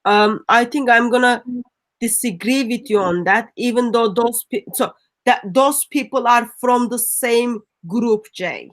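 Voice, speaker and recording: Woman co-host, earnest and firm, fairly high voice. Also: measured pace. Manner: earnest, firm, with restarts and non-native grammar. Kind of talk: live discussion stream.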